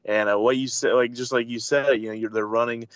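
A man co-hosting a podcast in casual chat, enthusiastic and halting, often restarting his sentences. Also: medium pitch, steady tone, no room sound. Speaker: podcast co-host. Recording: dull dry lo-fi mic.

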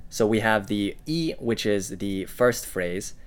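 A man with a lowish voice walks through example words in a casual teaching style. He speaks in a measured way and pauses often on "uh". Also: expressive. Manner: measured, halting with frequent "uh". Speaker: language podcast co-host.

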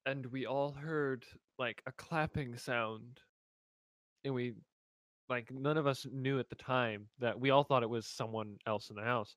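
Man haltingly telling a ghost story. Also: medium pitch, fairly even intonation, a bit bright, no room sound.

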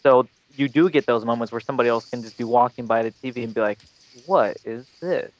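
A man's voice: mid-range voice, fairly even intonation, fast, no echo. Guy musing on a gaming podcast, kinda muffled lo-fi mic, dead dry sound. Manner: thoughtful, rambling with many fillers. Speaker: podcast co-host. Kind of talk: casual gaming podcast chat.

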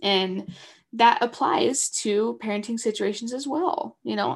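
A woman's voice: a little high, measured pace, creaky. A young adult woman co-hosting a podcast, chatty and upbeat, with lots of everyday fillers. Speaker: podcast co-host. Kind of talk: casual conversational chat.

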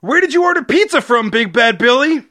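Young man, comedy podcast host, playful, goofy, lively pitch, bright tone. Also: brisk.

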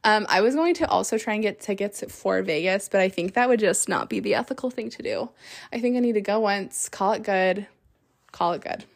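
A woman in her thirties hosting a podcast, telling a story in an excitable, chatty way full of fillers. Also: medium pitch, a little fast, vocal fry. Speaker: podcast host. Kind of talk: casual chat.

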